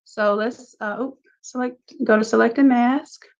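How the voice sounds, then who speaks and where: A woman's voice: fairly high pitch, fairly even intonation, unhurried, highs cut off. A woman instructor talking casually through each step of a live screen-share design tutorial, chatting with her class as she works.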